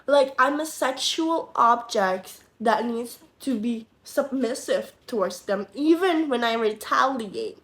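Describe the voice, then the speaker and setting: A woman's voice: a little high, slow, few pauses. A young woman telling a candid, profane storytime to her channel, in a casual vlog monologue. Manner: candid, profane, animated retelling. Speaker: vlogger. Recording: echoey room.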